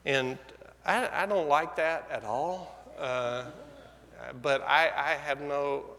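A man pastor telling a story in a sermon, conversational and halting with fillers and restarts. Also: fairly high pitch, bright, forceful tone, slight background noise. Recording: echoey hall sound.

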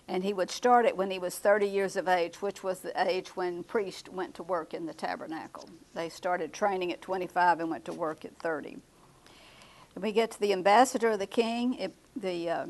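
A woman's voice: fairly low pitch, low-quality recording. Older lady teaching bible class, chatty, repeats answers back, chuckles a lot.

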